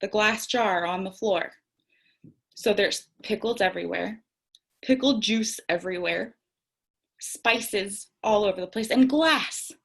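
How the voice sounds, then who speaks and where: In a mid-range, husky voice that's gravelly yet fairly bright, a young woman speaks a little slowly about tarot and self-care. She addresses the camera candidly and reflectively, in a conversational way, sometimes laughing at herself.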